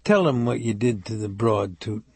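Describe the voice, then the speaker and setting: A man's voice: on the low side, animated, normal speed, gravelly, breathy edge, no room sound, full character voice. A man voicing a cruel, taunting male mob thug who talks in a crude, menacing way.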